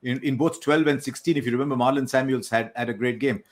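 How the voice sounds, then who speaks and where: A man giving measured, analytical post-match cricket talk over a remote link. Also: mid-range voice, fairly even intonation. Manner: measured, analytical, self-correcting.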